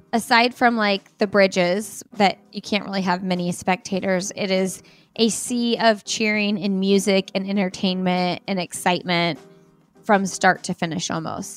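An American woman chats easily as a podcast guest, her voice in a middling pitch. She laughs often and fills her sentences with "like" and "um". Faint music sits behind her. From United States. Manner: chatty, laughs often, many fillers like "like". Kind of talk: casual interview chat.

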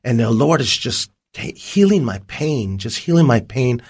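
Husky man telling his testimony. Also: medium pitch, expressive, normal speed, darkish tone. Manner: vivid storytelling, acts out dialogue. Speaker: interview guest. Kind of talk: personal testimony.

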